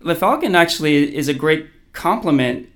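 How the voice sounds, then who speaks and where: A man's voice: on the high side, lively intonation, moderate pace. A man hosting a casual podcast chat, thoughtful and often restarting his phrases. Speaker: podcast host.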